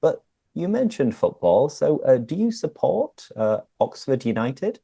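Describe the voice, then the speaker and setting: Brief: British man, English teacher hosting a video-call chat, animated pitch, warm mellow tone, dry sound. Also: measured pace, gravelly, slightly rough, no room sound. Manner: upbeat, explains idioms. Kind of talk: casual conversation for English learners.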